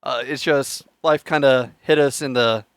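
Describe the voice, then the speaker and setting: A man's voice: mid-range voice, steady tone, measured pace, clear, resonant tone. A man co-hosting a podcast in casual chat, teasing his friends, swearing freely and laughing often. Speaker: podcast co-host.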